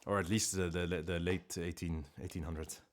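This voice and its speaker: Streamer, male, put-on French accent. Rambling, playful, self-mocking live chat from home, voice sitting a touch low. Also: level tone, moderate pace, very noisy. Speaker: streamer and voice actor. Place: at home, indoors.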